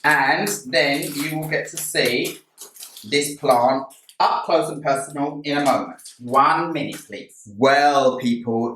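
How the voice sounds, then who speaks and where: Excited man gushing in a roomy space. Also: mid-range voice. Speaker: plant vlogger. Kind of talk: casual haul video. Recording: roomy sound from a distant mic.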